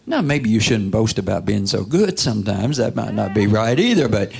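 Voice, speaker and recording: A man's voice: mid-range voice, very animated, moderate pace, creaky, a little mellow. A man preaching a sermon in a church, talking to the congregation in a conversational way, asking rhetorical questions and sometimes dropping to a whisper.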